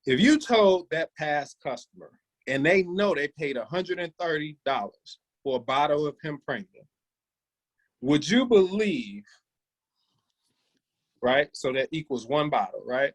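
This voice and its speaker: A man's voice: fairly high pitch, animated, measured pace, low-quality recording. A man leading a sales training, coaching his team with energy and calling on listeners by name.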